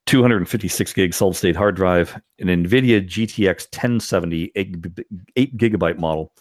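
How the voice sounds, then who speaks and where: A man's voice: deep voice, normal speed, a little mellow, no room sound, clean studio sound. A man hosting a podcast, chatting casually and animatedly, with frequent laughs. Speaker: podcast host. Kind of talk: casual chat.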